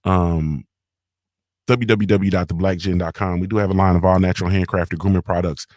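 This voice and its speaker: A man hosting a casual morning livestream from his home, speaking in a laid-back, slangy way as he shouts out his viewers. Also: low voice, steady tone, normal speed, no room sound, studio quality. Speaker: morning show host.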